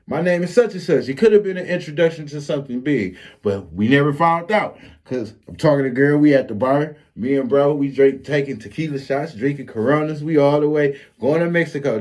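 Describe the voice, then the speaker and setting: A man with a Flint, Michigan accent telling a street story in a casual, animated and profane vlog monologue. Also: mid-range voice, a little fast. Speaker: storyteller vlogger.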